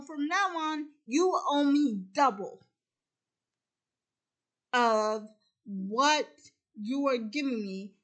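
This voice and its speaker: A domineering shark mob boss issues stern threats, as a woman puts him on in her own high voice. The lines come slowly and deliberately, with a menacing edge. It sounds like a storybook retelling. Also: a bit bright.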